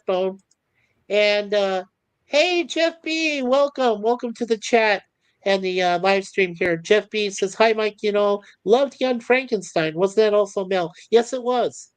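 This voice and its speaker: A man's voice: high voice, smooth, no echo. A man hosting a live stream, chatting casually and reading viewer comments aloud in a rambling, easygoing way, laughing easily.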